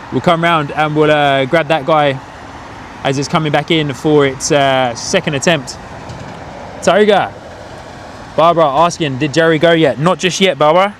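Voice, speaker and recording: A man's voice: fairly high pitch, slight background noise. Chatty man commentating outdoors. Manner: excitable, chatty, quick to exclaim. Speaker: live stream host. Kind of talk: live plane-spotting commentary. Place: outdoors by an airport.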